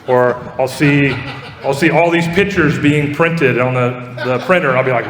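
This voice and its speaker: A man's voice: medium pitch, fairly even intonation, normal speed. A man giving a joking, profane roast speech to a laughing audience. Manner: joking, profane, laughing at his own lines. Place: large echoey party hall with audience. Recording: echoey hall, crowd noise.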